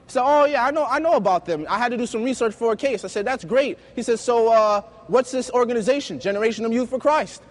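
Male preacher, very high voice, lively anecdotal sermon style. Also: fast, hardly any pauses. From United States. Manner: lively storytelling, acting out dialogue. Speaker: youth preacher. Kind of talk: sermon with personal stories.

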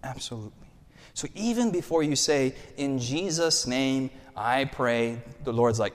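A man preaching a sermon in an animated, joking way, often quizzing the congregation. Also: medium pitch, measured pace, big-room sound. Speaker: pastor. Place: church hall.

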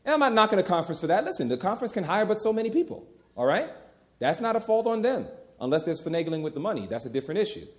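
A man's voice: high-pitched, big pitch swings, very fast. A middle-aged man preaching a sermon, emphatic and folksy, repeating key phrases and talking to the crowd as "y'all".

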